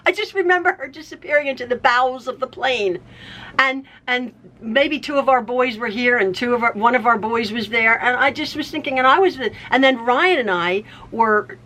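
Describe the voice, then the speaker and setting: A woman's voice: a little high, moderate pace, pushed and bright. A middle-aged American woman telling family stories casually, laughing often and restarting her sentences. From United States. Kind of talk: casual storytelling.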